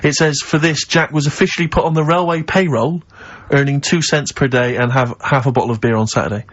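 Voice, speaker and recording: A man with an English accent co-hosting a radio show, reading emails and complaining in a dry, deadpan way. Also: mid-range voice, a little fast, no echo. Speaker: radio co-host. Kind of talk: casual radio banter. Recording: dull lo-fi radio broadcast.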